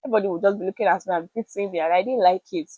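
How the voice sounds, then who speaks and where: A young woman with a Nigerian accent, telling a personal story to camera in a chatty, animated way with pidgin words mixed in. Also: medium pitch, rapid-fire, husky, no echo, rough recording. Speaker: vlogger.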